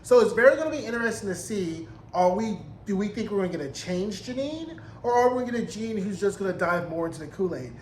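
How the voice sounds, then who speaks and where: A man giving an animated, profane, sassy recap of a TV episode in casual commentary. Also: sits high, a little fast, hardly any pauses. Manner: animated, profane, sassy, acts out character quotes. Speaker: TV recap reviewer. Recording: echoey room, faint noise.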